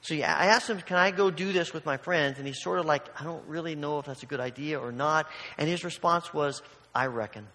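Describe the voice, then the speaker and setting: Brief: male pastor, slightly high voice, conversational sermon, acts out little scenes, long hall reverb. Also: brisk, few pauses, sharp tone. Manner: storytelling with acted-out voices, conversational.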